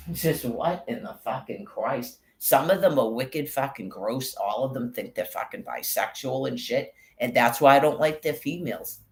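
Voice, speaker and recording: An angry man rants on and on. His delivery is rambling and heavy with swearing, at a middle pitch. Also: lively intonation, unhurried. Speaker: vlogger. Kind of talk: profane ranting monologue.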